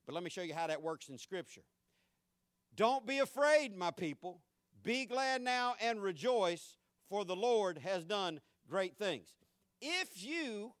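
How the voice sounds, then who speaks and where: Male preacher, high voice, dry close sound, conversational then emphatic sermon delivery. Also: no echo. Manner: preacherly, swings from conversational asides to emphatic exhortation. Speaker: pastor.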